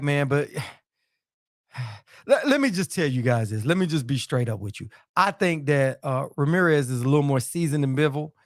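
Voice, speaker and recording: A man's voice: high-pitched, fairly bright tone, dry recording, clean studio sound. Casual man hosting boxing talk. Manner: loose, repetitive, peppers talk with "man". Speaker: boxing talk show host. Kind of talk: casual live-stream sports chat.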